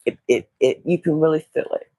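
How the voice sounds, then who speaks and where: A woman talking in a casual, confessional vlog monologue, rambling and halting with repeated restarts, in a low, vulnerable mood. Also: mellow, breathy edge, dry recording. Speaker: vlogger.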